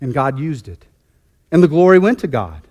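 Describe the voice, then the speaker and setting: Fervent high-voiced male preacher. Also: big pitch swings, moderate pace, darkish tone. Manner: fervent, emphatic, repeats and restarts phrases. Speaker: pastor. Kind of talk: sermon.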